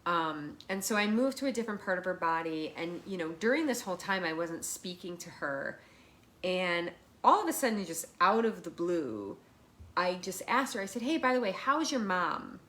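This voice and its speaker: A woman's voice: fairly low pitch, moderate pace. Chatty woman telling a personal story. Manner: chatty, animated retelling with many fillers and restarts. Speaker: guest, massage therapist. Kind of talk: personal storytelling in a podcast interview.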